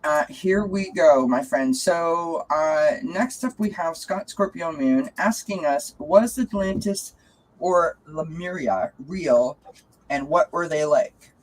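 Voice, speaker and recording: A woman's voice: sits low, slow, rough recording. A chatty woman hosting a live tarot reading stream, greeting viewers, laughing often and cooing to her cat. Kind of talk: casual live-stream chat.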